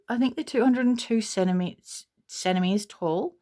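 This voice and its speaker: A woman's voice: on the low side, normal speed, hardly any pauses. A woman with an Australian accent gives a casual, gushing, rambling tour of her nursery at home, full of fillers. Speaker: vlogger.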